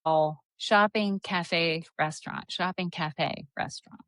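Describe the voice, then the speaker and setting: A woman's voice: lowish voice, fairly even intonation, takes it slowly, fairly bright tone, clean tone, dry recording. A woman hosting a podcast, chatting casually and telling a long story full of "like" and restarts. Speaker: podcast host. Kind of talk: casual chat.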